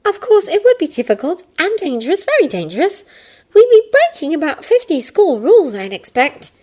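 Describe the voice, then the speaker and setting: A woman's voice: very high voice, huge pitch swings, normal speed, a little mellow, pitched above the performer's own voice, heavily acted. A woman doing an eager, bossy schoolgirl witch. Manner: insistent, eager, lecturing. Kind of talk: fan audiobook character voice.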